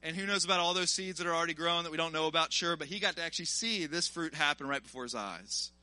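High, forceful, animated male preacher. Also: quick pace, no echo. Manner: animated, emphatic, addresses the congregation directly. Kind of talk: storytelling sermon.

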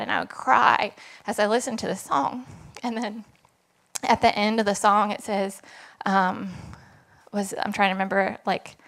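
A woman sharing a personal testimony in church, hesitant and a little nervous, with many pauses. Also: mid-range voice, creaky, fairly bright tone. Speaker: congregation member giving testimony.

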